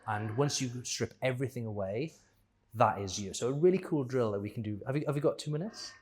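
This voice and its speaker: A man's voice: medium pitch, animated, brisk, a little mellow, slight background noise. A man speaking as a podcast guest in a casual conversation, rambling and thinking aloud, often restarting and correcting himself.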